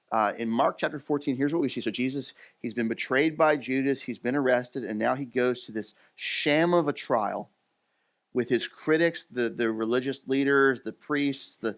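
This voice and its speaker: A male pastor from the US East Coast, telling a story in his sermon in a chatty, animated way with many fillers and restarts. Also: medium pitch, brisk. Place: church.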